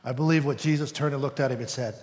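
A man's voice: medium pitch, steady tone, fast talker, a little mellow, in a large hall. A male pastor preaching a sermon in a conversational way, sometimes acting out voices.

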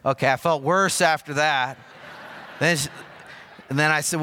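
Bright-voiced pastor preaching in a reverberant hall. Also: male voice, a little high, steady tone, moderate pace, pauses often, a little hiss or hum. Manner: storytelling with self-deprecating humor. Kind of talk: sermon. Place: church sanctuary.

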